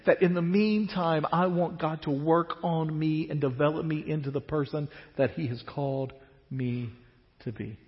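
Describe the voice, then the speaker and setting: A man preaching a sermon as pastor, animated and dropping to a hush at the ends of phrases. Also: a little high, moderate pace. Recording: dull reverberant church hall.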